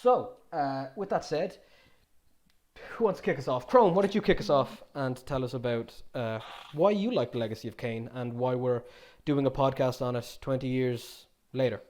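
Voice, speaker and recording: Man in his twenties, podcast host, teasing banter, medium pitch. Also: normal speed, darkish tone. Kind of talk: casual podcast chat.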